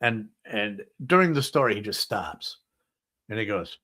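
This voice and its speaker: A man hosting a talk show, telling a long anecdote in an animated, profane way. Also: fairly low pitch, unhurried. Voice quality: animated, profane storytelling with many "he goes".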